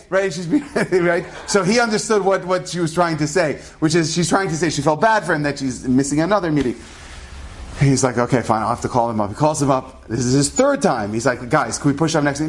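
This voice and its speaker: Chatty storyteller man, slightly high voice. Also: brisk. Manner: chatty, acts out dialogue with shifting pitch. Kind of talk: casual spoken storytelling.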